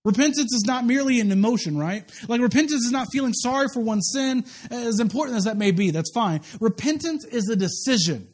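A man's voice: extremely high pitch, animated, fairly quick, few pauses. A man pastor preaching a sermon in a conversational, story-telling way, often repeating and restarting words, with self-deprecating humor.

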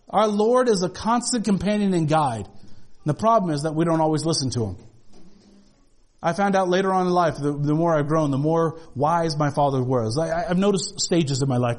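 A man with a notably high voice preaches to his congregation in church. He talks in a loose, conversational way and drops in humorous asides. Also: darkish tone. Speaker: pastor. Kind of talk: sermon.

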